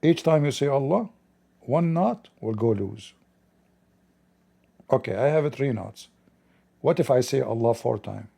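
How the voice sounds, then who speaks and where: Male livestream host, gravelly and dark, sarcastic and mocking, non-native English delivery. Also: mid-range voice, lively intonation, a little slow, long pauses. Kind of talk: livestreamed commentary.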